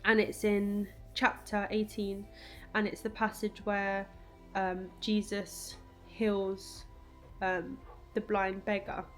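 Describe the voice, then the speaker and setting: A woman's voice: mid-range voice, slow. Young female vlogger, casual and heartfelt, talking at home over a running washing machine and faint music. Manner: animated, emotional, lots of fillers like "like" and "I don't know". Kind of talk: casual chatty vlog talk.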